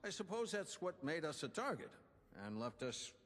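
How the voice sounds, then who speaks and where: A proud, folksy old union inventor in a video game, his voice rising and falling with lively swings. There is a husky edge to it, and long reverb trails after each line. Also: fairly high pitch, moderate pace. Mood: earnest. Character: gruff older male union inventor and quartermaster. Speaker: game character giving quest dialogue.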